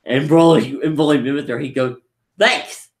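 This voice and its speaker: A man of middle pitch talks through a movie plot in a loose, rambling way. He trips over restarts and fillers, then jumps into quick impressions of the characters. The sound carries a noticeable room echo. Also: fairly even intonation, a little mellow, a little hiss or hum. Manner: rambling, many restarts and "like", acts out quotes. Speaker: movie reviewer. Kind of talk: casual movie recap.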